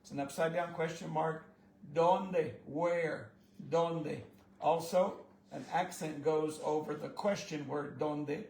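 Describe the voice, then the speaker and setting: A man's voice: on the high side, steady tone, slow pace, a little mellow, a little hiss or hum. A man giving a casual spoken language lesson as the teacher, folksy and encouraging, with joking asides. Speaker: Spanish teacher. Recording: echoey room.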